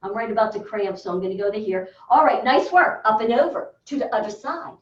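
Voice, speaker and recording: A woman fitness instructor leads a floor workout in a carpeted room, calling out counts and upbeat encouragement. Her voice is on the high side, expressive and brisk, picked up by a distant, dull mic in an echoey room.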